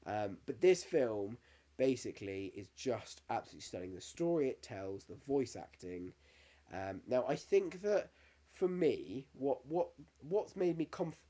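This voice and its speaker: A man's voice: fairly low pitch, dark tone. A man in his thirties, co-hosting a podcast in casual chat, candid and sweary, getting emotional as he tells stories. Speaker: podcast co-host.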